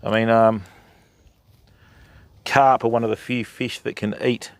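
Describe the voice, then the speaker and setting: Gravelly older Australian fishing host. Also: male voice, medium pitch, level tone, a little slow, dry recording. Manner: chatty, keeps addressing viewers as mate and bud. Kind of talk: casual live-stream commentary. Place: outdoors by a river at night, wading in the water.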